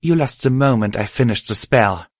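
A man's voice: mid-range voice, expressive, moderate pace, no echo, studio quality, close to an everyday voice. A man voicing a wounded young female unicorn mare who speaks in a strained, defiant way.

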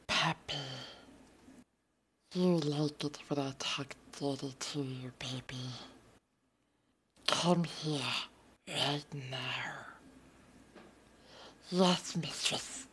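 A woman voicing Gollum, a creepy male cave creature, in a husky voice that keeps dropping into whispers for a comic impression. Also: mid-range voice, a little hiss or hum. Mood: creepy, sultry. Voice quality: husky, slow, often whispered.

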